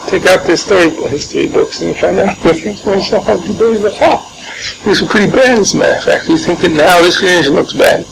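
A man giving an informal Torah class, animated, firing off rhetorical questions and often chuckling. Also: high-pitched, quick pace, creaky. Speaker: Torah teacher. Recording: noisy background.

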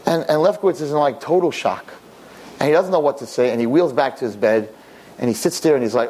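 A man telling a story aloud in an animated, conversational way, with casual restarts. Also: mid-range voice, quick pace. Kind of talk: oral storytelling.

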